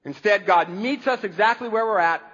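A man's voice: high-pitched, normal speed, fairly bright tone, slightly rough, big-room sound, muffled recording. A man preaching a conversational sermon as a pastor, with wry humor.

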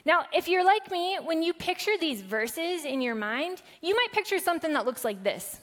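Woman pastor, high voice, chatty and playful from the pulpit; long church reverb. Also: sing-song, moderate pace. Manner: warm conversational preaching with playful asides. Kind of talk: sermon. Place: church sanctuary.

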